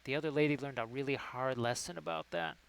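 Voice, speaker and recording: A man's voice: mid-range voice, fast talker, gravelly, fairly bright tone, clear, resonant tone. A man doing a bumbling cave troll. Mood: grumbling.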